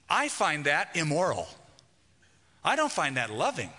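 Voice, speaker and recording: A man's voice: high-pitched, big pitch swings, moderate pace, bright, forceful tone, long reverb tail. A man preaching a sermon as pastor, emphatic and reading a passage aloud.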